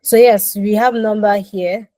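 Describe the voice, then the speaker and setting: Woman, webinar presenter, mellow voice, dry video-call sound, unhurried with ums. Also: mid-range voice, steady tone, no echo, poor audio. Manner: explanatory, frequent ums, self-corrections. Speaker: product presenter. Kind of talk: webinar demo explanation.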